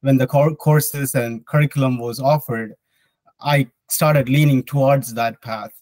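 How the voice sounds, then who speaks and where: A man's voice: mid-range voice, steady tone, measured pace, darkish tone, no echo, low-quality recording. A young man, an engineer, answering interview questions in a sincere, reflective way. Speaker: hydrological engineer and board member.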